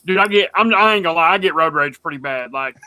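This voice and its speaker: A man co-hosting a casual podcast chat, rambling and animated as he tells stories. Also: a little high, fast talker, dry recording. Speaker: podcast co-host.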